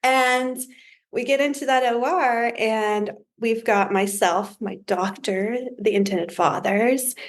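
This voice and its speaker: A woman who is a podcast guest, telling a story in a casual, humorous and animated way. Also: fairly high pitch, slow.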